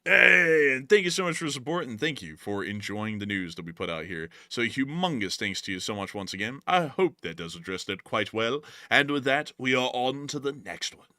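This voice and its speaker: A man hosting a casual livestream news show, jokey and quick to laugh. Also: mid-range voice, very animated, sharp tone, no room sound, studio quality. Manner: jokey, laughs often, repeats sign-off phrases.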